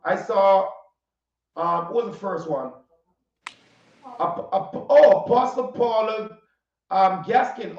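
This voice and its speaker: A man's voice: high voice, measured pace. Caribbean-accented man hosting, roomy and distant. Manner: animated, laughs often, repeats questions. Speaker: interview host. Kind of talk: casual video interview. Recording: distant, roomy, dull audio.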